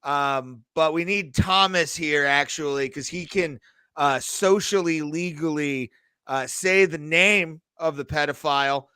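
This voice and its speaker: A man's voice: fairly high pitch, unhurried, sharp tone, clear, resonant tone, no room sound, studio quality. A man hosting a podcast in casual, rambling, joking chat, laughing often. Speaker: podcast host.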